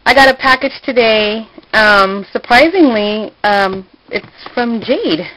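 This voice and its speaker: A woman's voice: a little high, animated, slow, sharp tone, a little hiss or hum, rough recording. A middle-aged woman vlogging at home, gushing and giggling as she unboxes a gift. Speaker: craft vlogger. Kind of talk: casual unboxing vlog.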